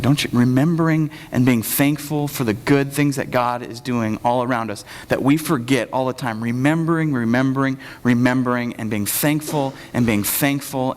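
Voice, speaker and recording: Young male pastor, relaxed and joking sermon delivery, mid-range voice, long hall reverb. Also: mid-range voice. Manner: casual, joking preaching with lively acted-out quotes. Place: church hall.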